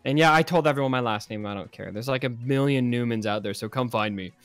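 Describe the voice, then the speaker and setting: A young man co-hosting a casual gaming chat show, reading viewer comments, chatty and excitable. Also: medium pitch, fast talker, clear, resonant tone, no echo, faint music behind. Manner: chatty, excitable, laughs often. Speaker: podcast co-host.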